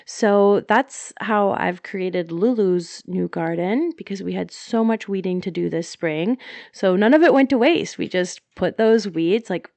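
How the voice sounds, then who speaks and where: A woman co-hosting a gardening podcast, explaining her garden in a relaxed way, with plenty of fillers and restarts. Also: medium pitch, unhurried, creaky, no room sound. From Southwestern Quebec. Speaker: co-host, gardener. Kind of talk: casual podcast chat.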